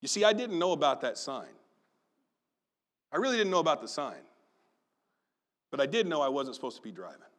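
A man preaching with a high, bright voice. He tells a story from his youth in a lively way, acting out the people in it. His delivery is animated and conversational. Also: fairly quick, long pauses. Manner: storytelling, animated, acts out family members. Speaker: pastor. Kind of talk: sermon with personal story.

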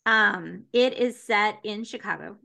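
A woman's voice: medium pitch, unhurried, gravelly, pushed and bright. A woman hosting a casual book podcast, chatty and enthusiastic, often laughing as she talks. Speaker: podcast host.

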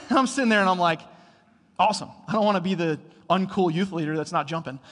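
A man preaching a sermon, telling a story that swells to loud bursts and falls back to quiet, slow emphasis. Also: high voice. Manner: storytelling, builds to loud excited bursts then drops quiet. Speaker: pastor. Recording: long hall reverb.

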